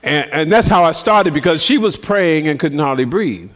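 A man's voice: on the high side, expressive, normal speed, few pauses. A middle-aged man preaching, telling a story and acting out the voices of the people in it, laughing as he goes. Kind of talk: sermon storytelling.

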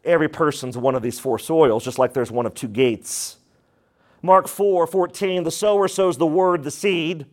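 Preaching at a normal pace, this high-pitched pastor has a somewhat dark tone. His sermon is dramatic and forceful, and he performs the voices of whoever he's quoting.

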